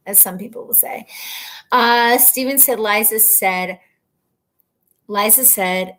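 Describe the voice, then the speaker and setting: A woman's voice: mid-range voice, slow pace, a bit bright. A woman in her thirties hosting a casual live stream from home, reading viewer comments aloud in a chatty, rambling way and laughing at herself. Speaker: livestream host.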